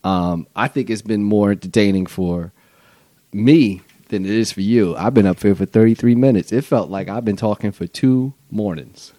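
A man's voice: fairly low pitch, normal speed, warm tone, no room sound. A man hosting his own podcast, talking in a loose, rambling and profane comedic monologue. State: high on mushrooms. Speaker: podcast host.

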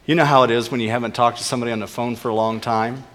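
A man preaching with earnest conviction, pressing his points harder and then falling quiet and low. His mid-pitched voice carries a long reverb tail, as if in a large sanctuary. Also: steady tone, racing. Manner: earnest preaching, rising emphasis, dropping to soft low asides. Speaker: pastor. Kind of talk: sermon.

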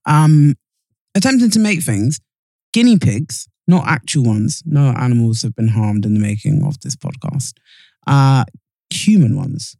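A man's voice: medium pitch, animated, measured pace, mellow, dry recording. A man co-hosting a casual podcast, rambling and self-interrupting, a little chesty. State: slightly chesty. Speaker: podcast co-host. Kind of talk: casual chat.

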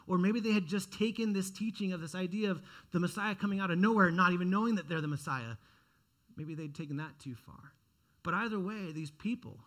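Man, high voice, preaching sermon, earnest, restarts phrases, quiet to loud swings. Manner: earnest, repeats words and restarts phrases, dynamic rises and drops in loudness. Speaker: pastor.

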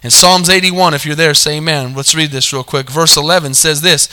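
A man's voice: on the high side, steady tone, brisk, pushed and bright. A man preaching a sermon, calling for amens, repeating his points and correcting himself mid-sentence. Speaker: pastor.

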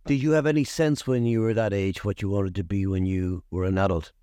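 A man's voice: lowish voice, fairly even intonation, brisk, warm tone, clean tone, dry recording, studio quality. A man hosting a podcast who asks questions in a chatty way with frequent restarts. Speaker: podcast host. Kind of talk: casual interview chat.

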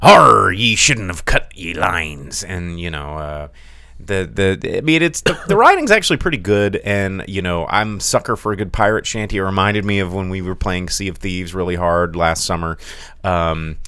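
Casual male podcast co-host, low smooth voice, rambling delivery, dry sound. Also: lively intonation, normal speed, fairly bright tone, no echo. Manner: rambling, many fillers and restarts. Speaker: podcast co-host reviewing movies. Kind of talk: casual chat.

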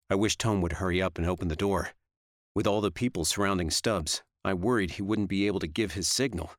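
A man giving steady, measured first-person audiobook narration. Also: low-pitched, no echo, clean studio sound.

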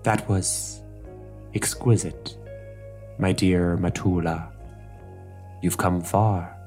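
A deep-voiced, unhurried old village elder who looks after the young ones, as a man puts him on. He speaks softly and soothingly, near a murmur, for a tabletop-style story game, with faint music behind. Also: steady tone. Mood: gentle. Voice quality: soft, soothing, slow. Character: calm old male village elder who teaches children.

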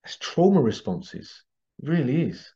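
A medium-pitched, mellow man's voice swings widely in pitch and moves a little slowly, with dull audio. As a healing therapist talking casually to camera, he rambles, repeats his phrases, and acts out quoted voices.

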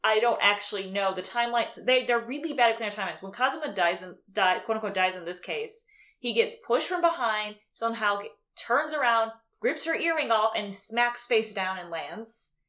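A woman's voice: a little high, lively intonation, moderate pace, a bit bright. A woman co-hosting a casual podcast chat, rambling and acting out scenes in quoted voices. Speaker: podcast co-host.

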